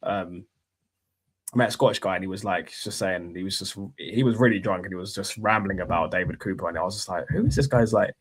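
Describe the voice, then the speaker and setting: Rambling London football fan. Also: male voice, low-pitched, steady tone, brisk, a little hiss or hum, poor audio. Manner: rambling, swears casually, repeats himself. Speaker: fan channel co-host. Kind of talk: casual post-match fan chat.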